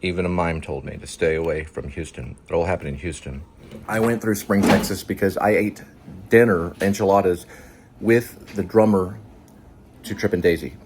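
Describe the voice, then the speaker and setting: A man's voice: low-pitched, moderate pace, noisy background. A man hosting a casual improvised chat, rambling and joking as he plays a door-to-door salesman. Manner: rambling, jokey, playing a salesman. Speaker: host.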